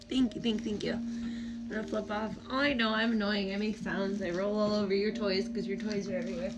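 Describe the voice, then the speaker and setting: Slow-talking woman cooing to her pets. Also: mid-range voice, steady tone, low-quality recording. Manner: cooing, affectionate baby talk to her animals. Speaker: live streamer. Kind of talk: casual live stream talking to pets. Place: home, indoors. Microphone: phone held in hand. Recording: loud music playing in the room.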